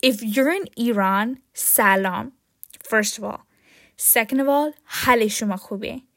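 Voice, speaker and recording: A woman hosting her own podcast in a casual, jokey chat, often tagging "right?" and "um", with sudden excited jumps in pitch and loudness. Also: unhurried, no room sound, clean studio sound. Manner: chatty and jokey, with frequent "right?" and "um". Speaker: podcast host.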